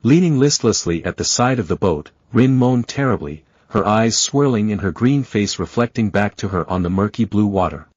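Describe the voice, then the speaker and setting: Low husky guy reading a story out loud, dull lo-fi dry sound. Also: normal speed, hardly any pauses, no room sound. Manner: steady storytelling. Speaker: story narrator. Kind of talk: reading fan fiction aloud.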